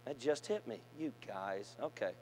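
A man preaching to young people, telling funny stories and swinging from shouted peaks to quiet asides. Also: mid-range voice, animated, moderate pace, slight background noise. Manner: humorous storytelling with shouted climaxes and quiet asides. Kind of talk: sermon to a youth gathering. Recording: long hall reverb.

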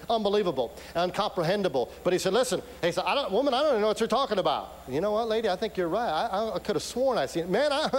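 A man preaching a sermon, telling stories animatedly and acting out the voices of the people in them. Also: medium pitch. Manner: animated storytelling with acted-out voices and shouts. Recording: echoey hall with faint hum.

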